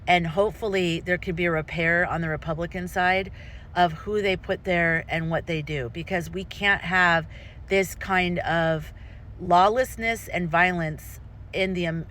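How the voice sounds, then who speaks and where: Woman vlogger, impassioned and rambling, crisp bright tone, faint noise behind. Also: lowish voice. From United States. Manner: impassioned, rambling with frequent restarts. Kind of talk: personal opinion vlog.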